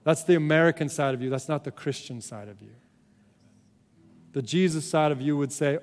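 A man preaching a sermon as a pastor, speaking in an earnest, conversational way with frequent restarts, swinging between emphatic peaks and hushed, low passages. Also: moderate pace, long pauses, long reverb tail.

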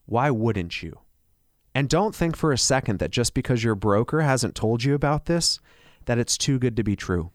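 Persuasive man pitching on the radio. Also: expressive, moderate pace, no echo, clean studio sound. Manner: persuasive, rhetorical questions. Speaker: financial advisor.

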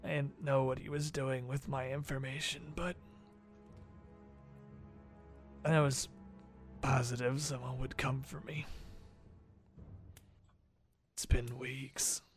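A man doing a hushed, resigned prisoner. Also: medium pitch, a little slow, long pauses, faint music behind, close to an everyday voice. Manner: hushed, half-whispered, flat and fatalistic. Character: weary captive man, resigned and bleak.

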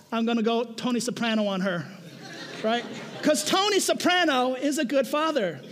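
A young man preaching in a very high voice, talking with his congregation more than at it and peppering each point with "right?". He tells stories with self-mocking humor. His voice rings with long reverb, as in a large hall. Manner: conversational, keeps asking "right?". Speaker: pastor. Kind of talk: sermon. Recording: echoey hall.

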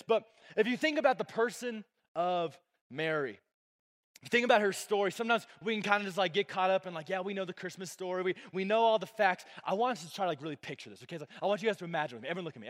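A young adult man preaching a sermon in church, casual and animated, his talk full of "like", swinging between loud bursts and soft asides. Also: sits high. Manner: casual, filler-heavy preaching with lots of "like". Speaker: pastor.

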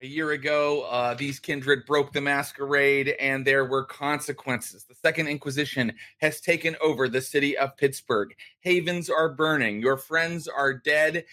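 A man's voice: mid-range voice, fairly even intonation, normal speed, hardly any pauses, bright, forceful tone. A man hosting and recapping a tabletop vampire game as storyteller, chatty with many fillers. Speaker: storyteller, host.

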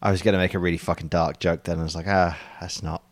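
A man's voice: low-pitched, level tone, racing, dry recording. A man on a casual podcast, throwing in crude jokes and wry asides. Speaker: podcast co-host.

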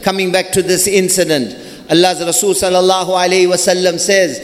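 A male preacher delivering an emphatic, rhetorical sermon, rapidly reciting Arabic verses between English explanations. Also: high voice, little pitch movement. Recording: long hall reverb.

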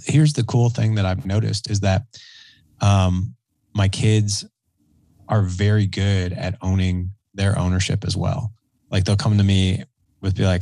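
A podcast guest, an earnest man with a gravelly, dark, low voice, speaks in an emotional personal conversation, sometimes getting choked up. He talks haltingly, correcting himself, with little pitch movement and no echo.

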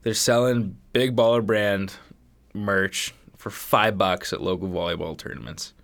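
A young man from Canada co-hosting a podcast in casual chat, crude and animated, swearing often. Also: fairly low pitch, measured pace, creaky. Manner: crude, animated, swears a lot, does impressions. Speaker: podcast co-host.

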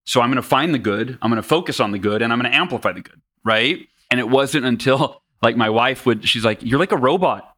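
Bright-voiced man telling stories. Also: medium pitch, fast talker, few pauses. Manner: animated, self-mocking, trails off quietly. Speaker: podcast guest. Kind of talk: candid personal storytelling.

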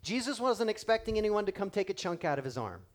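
Animated, jokey male preacher. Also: sits high, fast. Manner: animated, jokey preaching that acts out quotes in voices. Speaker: pastor. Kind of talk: sermon.

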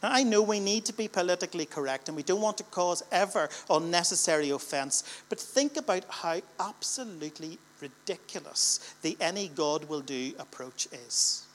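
A man's voice: high voice, animated, normal speed, hardly any pauses. A middle-aged man from Northern Ireland with a Northern Irish accent, preaching a sermon to a church gathering with rhetorical questions and building, repeated lines that swell with emphasis.

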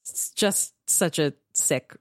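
A woman's voice: slow pace, no room sound, studio quality. A woman co-hosting a podcast in casual chat, enthusiastic and explaining things in detail. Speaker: podcast co-host.

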